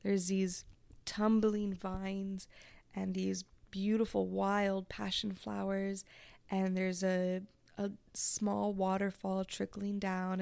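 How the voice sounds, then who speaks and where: A woman hosting a podcast, telling a personal story in a slow, reflective and emotional way, at times close to tears. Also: mid-range voice, creaky, darkish tone, clean tone, dry recording. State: tearful. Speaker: podcast host.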